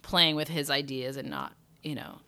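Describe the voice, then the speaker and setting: A woman's voice: low-pitched, big pitch swings, moderate pace, pushed and bright. A woman singer and musician talking as a guest in a casual interview, loose and chatty, with lots of "like" and restarts. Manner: chatty, loose, full of "like" and restarts, acts out phrasings.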